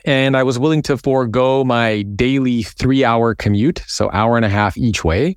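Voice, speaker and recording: A man recounts his own story as a podcast guest, animated and vivid, voicing the people in it. His tone is smooth and resonant, recorded close in a dry space. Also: mid-range voice, normal speed, no echo. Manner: animated storyteller, acts out quoted voices.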